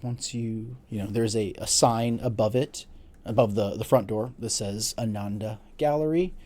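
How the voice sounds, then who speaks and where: A man narrating a tabletop role-playing game as game master, casual and halting, with many fillers. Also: on the low side, a little mellow.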